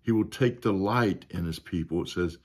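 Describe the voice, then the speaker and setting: A man's voice: deep voice, normal speed, darkish tone, breathy edge. A man teaching a Sunday school Bible lesson in a conversational way, often adding "you know" and asking the class questions.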